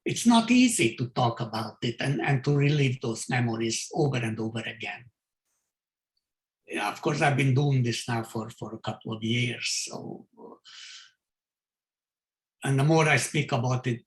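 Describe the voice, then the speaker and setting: An older man from Hungary giving his survivor testimony, speaking haltingly with many fillers and restarts. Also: medium pitch. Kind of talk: testimony in a video call talk. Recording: roomy echo.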